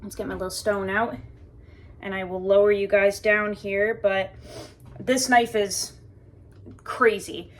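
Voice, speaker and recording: A woman's voice: medium pitch, level tone, measured pace. A woman reviewing a knife in a casual, chatty way, joking and talking straight to her viewers while she sharpens at her workbench.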